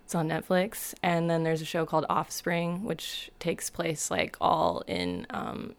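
Giggly low-voiced woman with gravelly fry. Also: big pitch swings, a little slow. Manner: giggly, rambling with many ums. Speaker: artist and musician guest. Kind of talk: casual chat.

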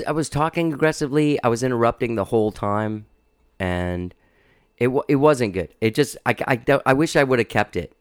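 A man's voice: mid-range voice, clear, resonant tone, no room sound. A middle-aged man hosting his podcast in a casual, rambling way, full of restarts and fillers, recorded in a home studio. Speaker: podcast host. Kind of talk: casual interview chat.

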